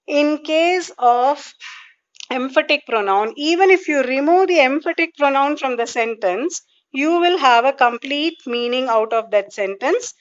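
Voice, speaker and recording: A woman teacher walks her class through a grammar lesson with a high voice. She asks questions and then answers them herself, and she leans on each example sentence. The recording is dull and lo-fi. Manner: patient explaining, rhetorical questions, stresses example sentences. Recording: dull lo-fi sound.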